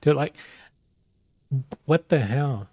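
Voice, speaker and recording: A man's voice: on the high side, expressive, slow pace, mellow, husky, no room sound. A man streaming a game, chatting casually and telling rambling stories full of slang and filler words. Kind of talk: casual chat while gaming.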